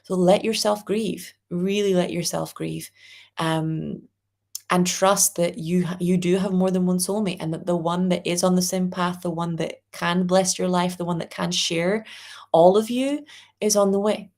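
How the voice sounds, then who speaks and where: Gentle lower-voiced woman giving readings. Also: fairly even intonation, normal speed. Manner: gentle, reassuring, addresses viewers as darling; reads viewer comments aloud. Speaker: angel reading host. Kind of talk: live-stream spiritual reading.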